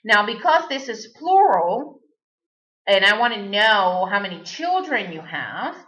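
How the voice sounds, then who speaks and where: A woman's voice: medium pitch, very animated, unhurried, fairly bright tone. A native Spanish-speaking woman giving a recorded language lesson, patiently repeating words for the learner. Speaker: Spanish teacher. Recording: dull lo-fi recording.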